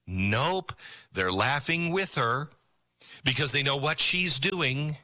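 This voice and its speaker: A middle-aged male talk host with a sharp, very bright voice whose pitch leaps up and down. He delivers an opinionated monologue in a mocking way, laughing often and hammering points home by repeating himself. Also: animated, takes it slowly. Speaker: political talk show host.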